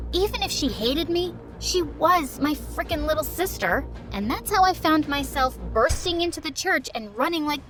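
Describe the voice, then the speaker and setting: High-voiced young woman storyteller. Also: a bit bright. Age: young adult. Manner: emotional, dramatic. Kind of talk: dramatic first-person storybook narration.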